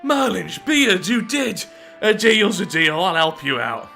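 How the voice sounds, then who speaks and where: A jolly drunk who hangs around a game tavern, loud and slurring, as a man puts him on. His voice sits high and bright and jumps about wildly. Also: big pitch swings, unhurried, gravelly, faint music behind, full character voice. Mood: boisterous.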